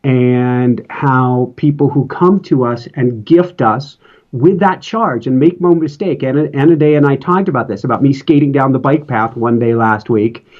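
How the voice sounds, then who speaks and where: A man's voice: mid-range voice, moderate pace. A man hosting a podcast, talking in a reflective, rambling casual way with some laughter. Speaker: podcast host and interviewer. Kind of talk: casual chat. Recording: dull lo-fi sound.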